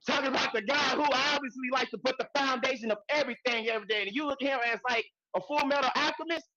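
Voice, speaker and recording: Very high, bright, hyped-up male podcaster. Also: very fast, vocal fry, dry recording, muffled recording. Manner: hyped, loud hype-man intros; profane, slangy banter. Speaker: podcast co-host. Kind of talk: casual podcast chat.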